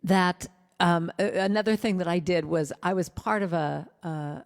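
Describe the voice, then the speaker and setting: A woman's voice: fairly low pitch, fairly even intonation, normal speed, big-room sound. An American woman, a guest speaker and musician, telling a casual, self-deprecating sermon story with many restarts, from home. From United States. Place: at home with a cat, speaking to a church online.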